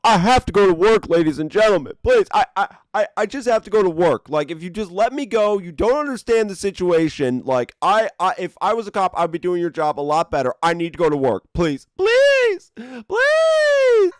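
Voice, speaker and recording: Male comic doing a nasal-high, pleading young woman, whiny, bouncy delivery. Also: sing-song, moderate pace, hardly any pauses, no room sound. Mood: shrieking.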